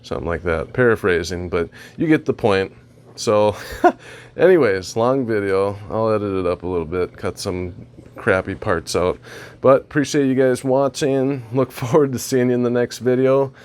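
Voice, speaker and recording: A man vlogging a casual walkthrough of his home reef tank equipment, relaxed and rambling with fillers and asides. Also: on the low side, moderate pace, clear, resonant tone. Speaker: aquarium hobbyist vlogger.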